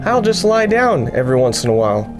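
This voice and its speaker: A man's voice: mid-range voice, big pitch swings, fast, music in the background, close to an everyday voice. A man voicing a cheerful young boy in a storybook reading. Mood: reassuring.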